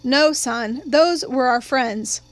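A woman reading the part of a calm, patient small-town lawyer father, speaking quietly and evenly. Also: sits high, brisk, no room sound. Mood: measured.

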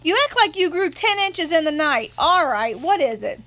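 Lady doing a high sassy little girl, tomboy, talks back. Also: lively intonation, moderate pace, sharp tone. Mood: defiant. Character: feisty young tomboy girl, outspoken.

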